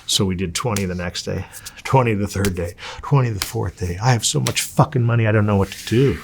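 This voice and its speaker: A man's voice: fairly low pitch, a little fast, creaky, background noise. A man in an interview, telling his story with lots of swearing and acting out what people said. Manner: profane, animated, acts out quotes. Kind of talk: candid storytelling.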